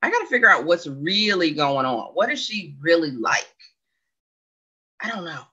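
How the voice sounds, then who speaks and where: A woman's voice: lowish voice, sing-song, moderate pace, bright, forceful tone, husky. A woman in her forties hosting a casual livestream, rambling, chatty and questioning herself as she reads viewers' comments. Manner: chatty, rambling, self-questioning, laughs often. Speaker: livestream host reading chat. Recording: dull lo-fi sound.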